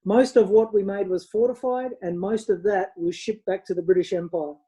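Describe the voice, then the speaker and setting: A woman's voice: mid-range voice, steady tone, normal speed, dark tone, slightly rough, rough recording. An Australian woman co-hosting a wine show in casual, rambling chat, often correcting herself. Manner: chatty, rambling, self-correcting.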